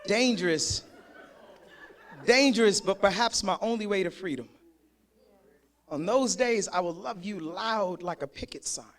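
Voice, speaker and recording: High, bright-voiced male spoken word poet. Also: measured pace, pauses often. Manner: profane, joking, rhythmic delivery. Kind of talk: spoken word performance with comic banter. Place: live stage at an event.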